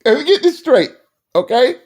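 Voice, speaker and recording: A man from Virginia ranting in a sports vlog, fired up and repeating himself, sometimes dropping low and emotional. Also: creaky, darkish tone, breathy edge. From Virginia, USA. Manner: fired-up and repetitive, stumbles over restarts; drops low and emotional at times. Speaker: sports commentary vlogger.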